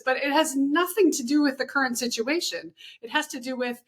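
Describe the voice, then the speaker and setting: A woman's voice: high voice, a little fast, a bit bright. A woman hosting a podcast, chatting casually and often restarting her sentences as she thinks aloud. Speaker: podcast host.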